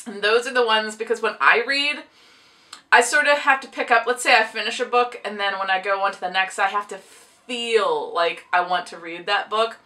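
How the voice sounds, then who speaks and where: Chewing gum with audible clicks, this book vlogger and book publishing class teacher talks casually to camera about her books, rambling and laughing a lot. Her mid-range voice is pushed and bright, at a moderate pace, captured on a distant mic.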